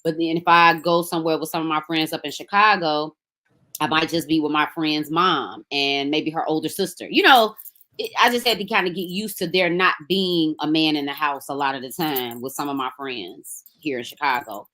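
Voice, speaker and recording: A woman from Memphis with a Southern accent, a podcast guest telling her story in a relaxed, conversational way. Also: deep voice, moderate pace. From Memphis, Tennessee. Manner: relaxed, conversational, animated when quoting others. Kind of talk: casual storytelling interview.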